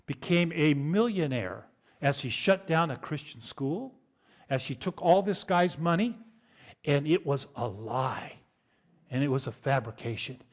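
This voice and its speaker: A man preaching a sermon in a conversational way, chuckling now and then and acting out quotes. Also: high voice. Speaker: pastor.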